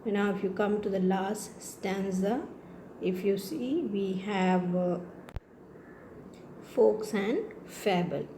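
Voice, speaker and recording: Brief: woman schoolteacher, Indian English accent, mellow tone, patient step-by-step explainer, faint room noise. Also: mid-range voice, slow pace. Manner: patient, repetitive explaining with frequent checks for understanding. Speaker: teacher. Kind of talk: classroom lesson on poetry.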